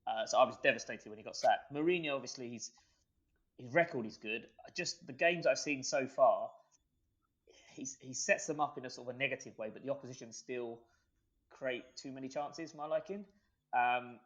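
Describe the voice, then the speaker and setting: A man on a podcast giving measured opinions, with frequent fillers and restarts. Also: medium pitch. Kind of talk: casual podcast discussion. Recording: slightly muffled.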